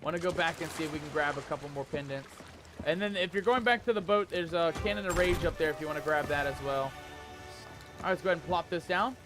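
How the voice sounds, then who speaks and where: With music playing under his voice, a man streams a pirate game, reading the chat aloud and joking in pirate slang as live gameplay commentary. His pitch is fairly high, his intonation fairly even, and he talks fast.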